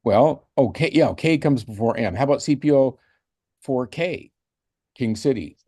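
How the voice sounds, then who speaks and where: A man chairing a community meeting, speaking haltingly with many pauses and fillers. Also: mid-range voice, lively intonation, dark tone, dry recording, clean studio sound.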